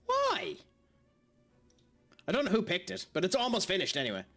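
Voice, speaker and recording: A man's voice: high-pitched, very animated, rapid-fire, fairly bright tone, soft background music. A young man streaming a game, chatty and self-mocking, with lots of fillers. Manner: chatty, laughs at himself, many fillers. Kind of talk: casual live-stream commentary.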